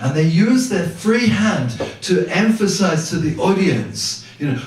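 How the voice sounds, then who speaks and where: A man presenting a seminar to a live audience, speaking into a microphone through loudspeakers. He has a naturally quiet voice and acts out his anecdotes with sound effects. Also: high voice, sing-song, measured pace, hardly any pauses. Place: large hall with loudspeakers. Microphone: microphone at ten centimeters, through a PA. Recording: very echoey hall, distant from the camera.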